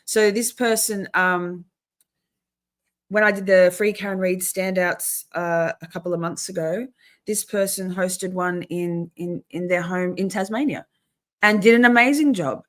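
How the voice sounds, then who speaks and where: A woman's voice: fairly low pitch, steady tone, measured pace, a bit bright. Fired-up, swearing woman. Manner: profane, fired-up ranting. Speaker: livestream host. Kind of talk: casual livestream chat.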